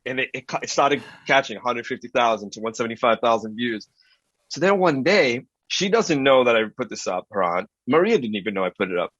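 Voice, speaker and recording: A man hosting a podcast, chatting casually and telling lively stories, acting out other people's lines. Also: medium pitch, brisk, no echo. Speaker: podcast host. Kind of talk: casual storytelling chat. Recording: dull, dry-sounding audio.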